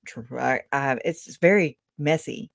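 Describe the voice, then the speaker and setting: A woman's voice: very deep voice, unhurried, vocal fry, dry recording, studio quality. A woman hosting a call-in show, chatting casually, rambling and laughing often, trailing off mid-thought. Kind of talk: casual chat. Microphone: video call.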